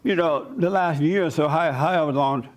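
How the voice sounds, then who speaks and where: Animated man telling a story. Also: a little high, normal speed. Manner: animated storyteller, acts out quoted voices. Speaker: pastor and host. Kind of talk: storytelling at a church gathering.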